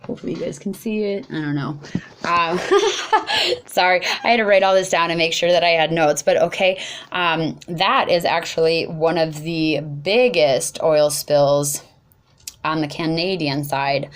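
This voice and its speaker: Woman, lowish voice, impassioned speech, gets loud and fired up, trips over words. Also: fairly even intonation, a little slow, clear, resonant tone. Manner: passionate, rising and loud when upset, stumbles over place names and apologizes. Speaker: speaker at a protest talk.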